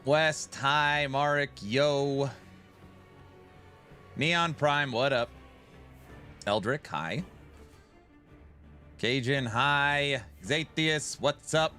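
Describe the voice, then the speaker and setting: Male live-stream host, bright forward tone, casual joking chat, rattles off viewer names. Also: mid-range voice, animated, slow pace, long pauses, faint music behind. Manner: loose, joking, greets chat by name.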